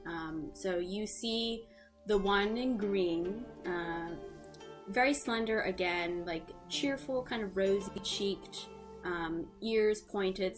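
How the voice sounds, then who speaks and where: Woman game master, casual rambling scene narration, faint music behind. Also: fairly low pitch. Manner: casual, many fillers.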